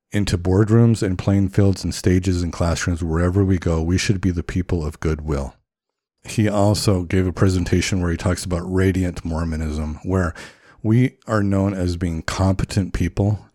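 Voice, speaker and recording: A man's voice: sits low, warm tone, dry recording, clean studio sound. A man speaking in an earnest, encouraging way about faith, like a reflective podcast talk.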